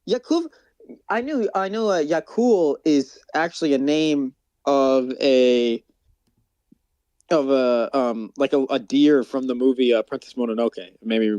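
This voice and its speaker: A man's voice: mid-range voice, measured pace, no echo. A young man co-hosting a podcast, chatting casually and teasing his co-host. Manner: animated, teasing.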